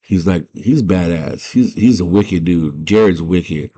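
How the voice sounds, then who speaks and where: Deep-voiced slangy man recapping a movie. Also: unhurried, slightly rough. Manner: slangy, animated storyteller. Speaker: movie fan retelling a film.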